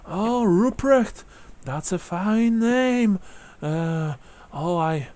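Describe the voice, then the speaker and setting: A man's voice: sits high, animated, extremely slow, a little mellow, voice pushed up, full character voice. A man voicing a frail, wounded old widow who is sweet and effusive, sighing "oh" often. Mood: fawning. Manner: breathy exclaiming "oh"s, sweet and effusive.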